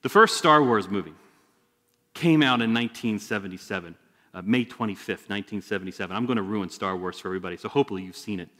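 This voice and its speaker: A man's voice: on the low side, quick pace, pushed and bright. A male pastor giving a sermon in a church sanctuary, talking conversationally with joking asides. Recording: long hall reverb.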